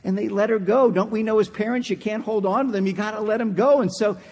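A man preaching a sermon in a church, telling a story and ending on a slow, hushed close. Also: high voice. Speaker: pastor. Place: large church sanctuary. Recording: long church reverb.

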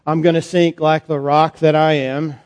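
A man, a priest, performing a first-person Bible monologue in a sermon, conversational and halting with fillers. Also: fairly high pitch, level tone, smooth. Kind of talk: dramatic monologue as Peter in a sermon. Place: church sanctuary. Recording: long church reverb.

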